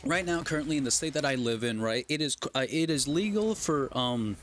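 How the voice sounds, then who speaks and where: A gaming streamer with a slightly high, expressive, fairly bright voice chats casually and briskly while playing a video game, over a little hiss or hum. He rambles, ending nearly every phrase with "right?" or "you know what I mean?"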